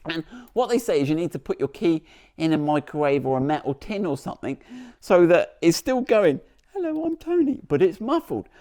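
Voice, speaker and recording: Guy showing off his car outside, chatty, jumps around in pitch a lot. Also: lively intonation, fairly quick, darkish tone. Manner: chatty, jokey, rambling with restarts. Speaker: car channel presenter. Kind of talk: casual demonstration vlog. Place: outdoors beside a car.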